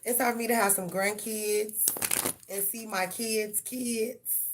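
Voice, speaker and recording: A woman's voice: mid-range voice, fairly even intonation, takes it slowly, noisy background. A middle-aged woman, giving tarot readings on a live stream and talking blunt and profane to her viewers. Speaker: tarot reader.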